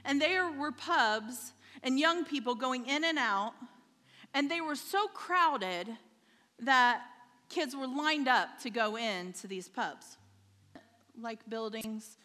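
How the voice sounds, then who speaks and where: A woman's voice: high voice, lively intonation, slow pace, bright, forceful tone, big-room sound. A woman preaching a sermon in church, telling a story and checking in with the congregation. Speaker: pastor's wife preaching. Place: church sanctuary.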